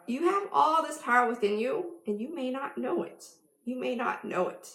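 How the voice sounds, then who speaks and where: A woman's voice: high voice, lively intonation, normal speed. A woman life coach giving an emphatic motivational vlog talk, laughing often. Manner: bursts into loud yelled affirmations. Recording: echoey room.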